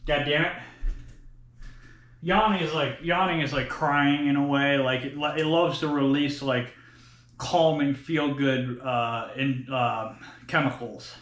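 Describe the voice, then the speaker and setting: A man's voice: mid-range voice, fairly even intonation, measured pace, a bit bright. A man in his forties filming a workout vlog in a gym, breathless between sets and talking bluntly with plenty of swearing. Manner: profane, blunt, talks between sets with sighs. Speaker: fitness vlogger. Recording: echoey gym room.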